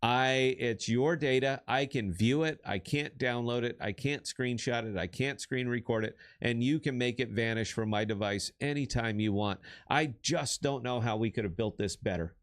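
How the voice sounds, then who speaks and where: A man's voice: mid-range voice, moderate pace, few pauses. A man hosting a live podcast stream, chatting casually and rambling with restarts. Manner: rambling, restarts often, bursts into shouting laughs. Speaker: podcast host.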